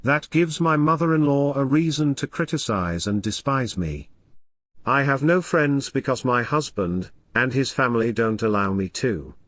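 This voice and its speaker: A man's voice: medium pitch, normal speed, a bit bright, dry recording, studio quality, lightly acted. A man voicing a tired, unhappy young mother of three who speaks with weary sarcasm, in an audiobook reading. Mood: bitter.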